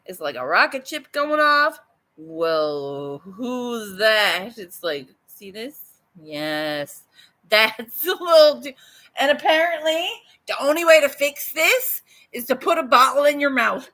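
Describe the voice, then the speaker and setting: Slow-talking bright Newfoundland woman. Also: fairly high pitch, lively intonation. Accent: Newfoundland English. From Newfoundland, Canada. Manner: blunt, swears freely, laughs often. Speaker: artist vlogger. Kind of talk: casual live chat to viewers.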